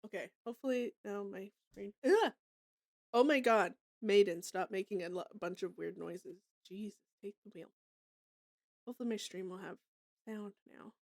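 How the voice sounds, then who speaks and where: A woman's voice: medium pitch, normal speed, dry recording, studio quality. A young woman from Canada chatting casually with her stream viewers, laughing often and swearing freely.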